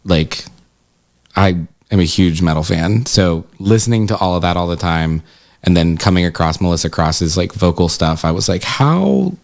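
A man with a very low voice talks casually about running a haunted house. He tells his stories with energy and slips into quoted voices along the way. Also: moderate pace. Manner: animated storyteller, acts out quotes with jumps in pitch. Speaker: haunted house manager and scare actor. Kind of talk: casual interview chat.

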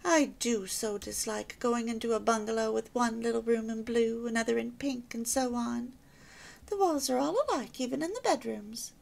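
A woman's voice: on the high side, moderate pace, creaky. A woman voicing a cheerful young newlywed housewife who chats eagerly and proudly about her home. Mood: proud, chatty. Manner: bright, chatty and eager.

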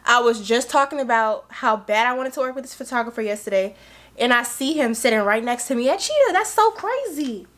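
A young woman chatting excitedly to her vlog viewers, a little tipsy and talkative. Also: a little high, fairly quick. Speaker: vlogger. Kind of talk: casual chat to camera.

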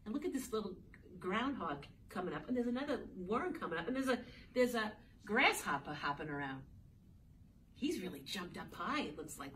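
A woman teacher reads a picture book aloud to small children, playful and sing-song, frequently addressing them directly. Her mid-range voice has lively intonation, normal speed, and a fairly bright tone. The distant mic picks up faint background ambience and a bit of hiss or hum.

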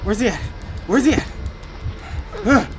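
A high-voiced woman trash-talks and swears through a boss fight, her pitch jumping all over the place. She drags her words out slowly between bursts of taunting. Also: poor audio. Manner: profane trash-talking, excitable. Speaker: gaming YouTuber. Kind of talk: gameplay reaction commentary.

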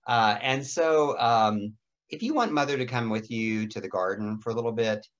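A middle-aged man with a raspy voice giving a lecture on caring for people with dementia, gentle and often clearing his throat. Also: mid-range voice, lively intonation, moderate pace, dull audio. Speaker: dementia care educator. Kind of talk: lecture presentation with slides.

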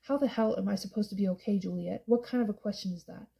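A woman reading the part of a heartbroken young man who talks in a strained, hushed voice, in an audiobook. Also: medium pitch, level tone, fairly quick, vocal fry, breathy edge. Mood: anguished.

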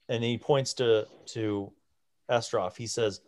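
Hombre pausado dirigiendo partida de rol. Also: male voice, mid-range voice, fairly even intonation, darkish tone. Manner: slow, filler-heavy narration. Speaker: dungeon master. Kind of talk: narrating a tabletop game.

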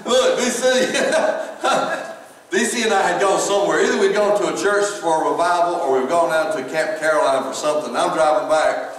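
A man's voice: a little high, moderate pace. A middle-aged man with a Southern US accent preaching a humorous sermon, folksy, laughing often and repeating words. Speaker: pastor. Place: church sanctuary. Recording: echoey hall from far off.

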